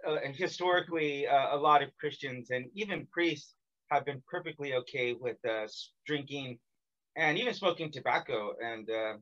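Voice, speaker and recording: A man's voice: mid-range voice, normal speed, sharp tone, dull audio. A man hosting a podcast over a remote call, rambling casually with lots of "like". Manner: rambling, heavy use of "like". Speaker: podcast host.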